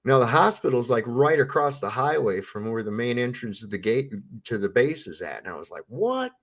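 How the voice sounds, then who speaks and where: A man's voice: mid-range voice, lively intonation, moderate pace. Guy on a panel chat, rambling and cussing, pretty average voice. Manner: rambling storyteller, profane. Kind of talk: casual chat.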